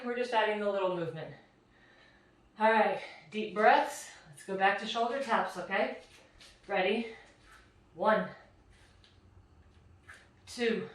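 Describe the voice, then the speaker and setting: Slow-paced, breathless woman trainer counting reps, voice far from the mic. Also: medium pitch. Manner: counts reps aloud, encouraging. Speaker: fitness instructor. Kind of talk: home workout coaching. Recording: very echoey room, mic far off.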